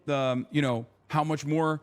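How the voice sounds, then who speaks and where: Higher-voiced man ranting on a stream. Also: steady tone, moderate pace. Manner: profane, emphatic ranting. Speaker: livestreamer. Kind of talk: livestream political commentary.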